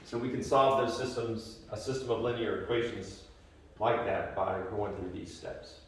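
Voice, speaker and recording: A man's voice: lowish voice, normal speed. Male math teacher chatting through a lecture, jokey, big roomy echo, faint room noise. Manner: joking and conversational, checks in with students. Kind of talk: classroom lecture. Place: classroom. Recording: echoey classroom from far off.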